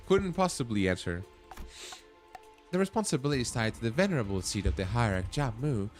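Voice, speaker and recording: Lively low-voiced man streaming a game. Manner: reads text aloud, then breaks into blunt, swearing reactions. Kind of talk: reading game dialogue aloud with commentary. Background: faint game music.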